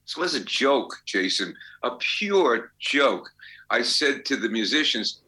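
A man's voice: mid-range voice, very animated, slow pace, bright, forceful tone, rough recording. A man in his eighties, a songwriter guest, telling anecdotes in a chatty way and laughing as he goes. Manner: chatty storyteller, laughs as he talks. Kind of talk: anecdotal interview.

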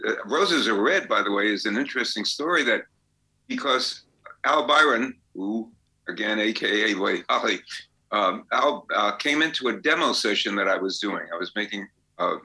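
An older songwriter telling rambling anecdotes in a casual interview. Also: male voice, lowish voice, pushed and bright, low-quality recording. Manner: rambling anecdotes with fillers and restarts. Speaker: songwriter guest.

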